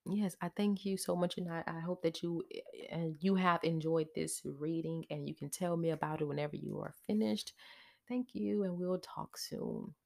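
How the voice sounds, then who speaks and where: A woman reads tarot in a relaxed, talkative way, full of reassurance and grateful asides. Her voice sits low, with a rough, creaky grain, and she keeps checking in with the listener after almost every phrase. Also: moderate pace. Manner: reassuring, punctuates nearly every phrase with "okay?"; chatty and emotional, warm thanks. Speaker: tarot reader. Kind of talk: casual spoken tarot reading.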